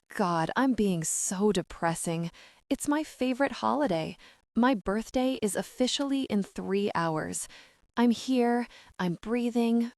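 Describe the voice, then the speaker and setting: A woman's voice: mid-range voice, darkish tone, dry recording, clean studio sound. A woman reading a first-person romance audiobook with an intimate, emotional storytelling manner. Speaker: audiobook narrator.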